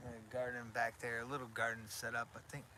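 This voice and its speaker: A man's voice: completely flat delivery, fast talker, sharp tone. A man hosting a survival channel, chatting casually and rambling on a live stream from his rural land. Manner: rambling, talks to his dog in a high baby voice. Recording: noisy outdoor live stream.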